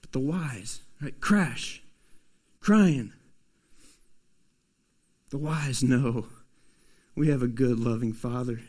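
A man preaching a sermon as a pastor, swinging from loud, emphatic pushes to soft, hushed asides. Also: medium pitch, slow, long pauses.

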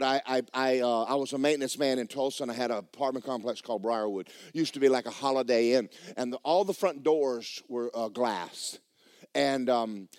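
Animated male preacher telling a story. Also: dry recording, clean studio sound. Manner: animated, acts out quotes with sudden loud high bursts. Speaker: pastor. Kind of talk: sermon storytelling. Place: church sanctuary.

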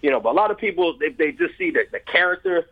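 High-voiced brash fighter calling in, lively swings, tinny phone-line sound, dry. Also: male voice, fast talker, dry recording. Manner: brash trash-talking, playful. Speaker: MMA fighter guest. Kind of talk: animated storytelling, casual chat.

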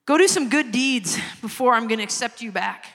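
A woman's voice: a little high, animated, a little fast, fairly bright tone. A woman doing an indignant, judgmental sister. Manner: indignant, demanding. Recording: long hall reverb.

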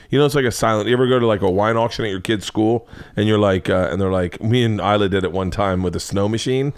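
A man in his forties hosting a podcast, telling a comic story in a casual, profane, animated way. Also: fairly low pitch, fast, clean tone. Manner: animated, profane, acts out other people's lines. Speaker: podcast host.

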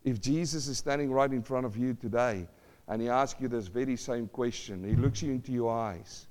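A male pastor preaching a sermon, swinging from loud cries to hushed asides and asking the congregation questions. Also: mid-range voice, fairly quick. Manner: repeats phrases, asks the congregation questions.

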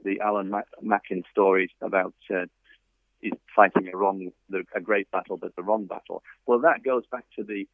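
Guest author, male, very low gravelly voice, dry phone-line sound. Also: steady tone, moderate pace, dry recording. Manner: thoughtful, anecdotal, frequent fillers. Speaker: tennis author and coach, guest. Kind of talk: interview over a phone line.

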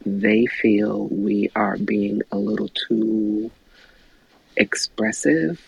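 Gravelly, husky woman on dull mic. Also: extremely slow, no room sound. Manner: low sultry drawl, speaks her mind. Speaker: podcast co-host. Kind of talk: casual panel chat.

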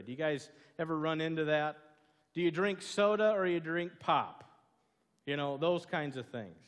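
A man with a Southern American accent preaching a sermon as a pastor, telling stories and asking the congregation questions. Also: a little high. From southern United States. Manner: storytelling, conversational, asks the congregation questions. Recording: long hall reverb.

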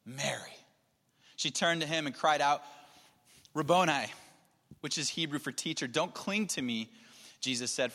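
A male pastor with a medium-pitched, bright, forceful voice preaches a sermon earnestly and conversationally, often restarting his phrases. The recording carries a long hall reverb.

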